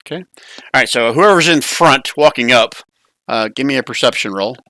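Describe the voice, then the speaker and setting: Game master guy, bright lively voice, dry close mic, laughs a lot. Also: medium pitch, normal speed, no echo. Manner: casual, laughs often, lively. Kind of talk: narrating a tabletop game.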